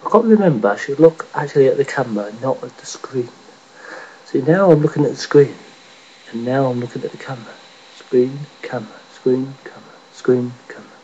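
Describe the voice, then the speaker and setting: A man's voice: mid-range voice, brisk, a little mellow, muffled recording, slight background noise. A man rambling and joking casually to his webcam, swearing now and then and mocking himself. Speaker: vlogger. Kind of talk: casual rambling video chat.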